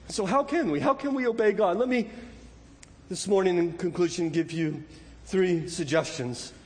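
A man preaching a sermon as pastor, earnest and animated, asking rhetorical questions of his listeners. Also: high voice, big-room sound.

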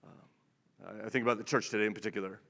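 A man's voice: fairly low pitch, fairly even intonation, fast, gravelly, fairly bright tone. A male pastor giving a conversational sermon, asking his listeners rhetorical questions and often repeating words as he restarts. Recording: long reverb of a large hall.

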